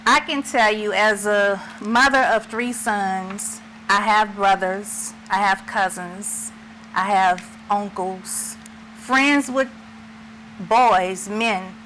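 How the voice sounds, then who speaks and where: A middle-aged woman co-hosting a talk show, speaking slowly and emphatically with emotion. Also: medium pitch, fairly even intonation, sharp tone, a little hiss or hum, low-quality recording. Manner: slow, emphatic and tearful. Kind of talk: impassioned discussion.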